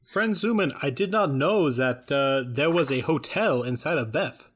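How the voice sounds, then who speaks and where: A man's voice: a little high, animated, normal speed, a bit bright. A man voicing a stiff, formal male adventurer who talks in a stilted way.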